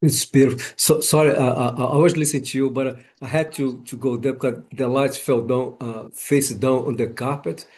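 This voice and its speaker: A man hosting a casual conversation, talking haltingly with many repeated words and restarts. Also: medium pitch, steady tone, darkish tone. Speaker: podcast host and healing practitioner. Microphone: home camera setup.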